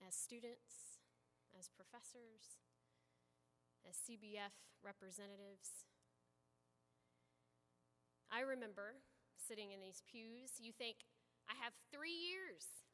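A woman preaching a sermon as an animated storyteller, swinging from loud to hushed, heard with echoey sanctuary reverb. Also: mid-range voice, takes it slowly, pauses often. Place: church sanctuary.

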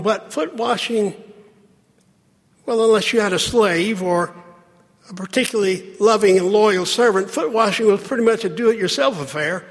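A man preaching a sermon, with dramatic pauses and lines that drop to a hush. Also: high-pitched. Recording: long hall reverb.

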